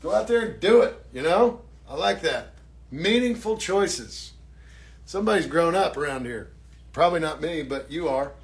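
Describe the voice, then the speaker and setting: An actor signs autographs on a live stream, joking around, poking fun at himself and warmly thanking his fans. His voice leans high and creaky.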